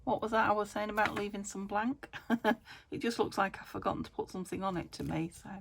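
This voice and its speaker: A woman from the UK, a craft vlogger, chatting casually to camera and thinking aloud as she works, with soft half-whispered asides. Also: mid-range voice, fast, gravelly, noisy background. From United Kingdom.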